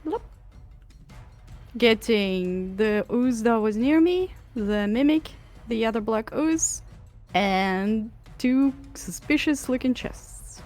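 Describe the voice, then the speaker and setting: A woman playing a tabletop game, calmly calling out her rolls. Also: fairly high pitch, takes it slowly, faint music behind. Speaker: player. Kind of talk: casual play at the table.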